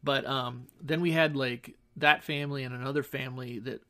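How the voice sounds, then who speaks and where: Gravelly-voiced man telling rambling stories. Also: medium pitch, steady tone, normal speed, sharp tone. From Southern California. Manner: rambling, self-interrupting, wry asides. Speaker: podcast host. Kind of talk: casual storytelling monologue. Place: home studio. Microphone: studio microphone.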